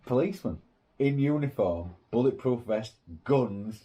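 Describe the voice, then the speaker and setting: A man's voice: fairly low pitch, moderate pace, dull audio, slight background noise. A man, co-hosting a casual podcast and telling stories with plenty of swearing. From England. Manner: swears freely, animated storytelling. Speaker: podcast co-host. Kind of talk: casual chat.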